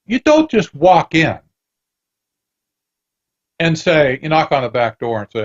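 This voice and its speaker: A man's voice: fairly high pitch, a little slow, pauses often, muffled recording. A man talking as a guest on a radio interview, telling stories with animation and acting out bits of dialogue. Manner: animated storytelling, acts out dialogue. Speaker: guest author.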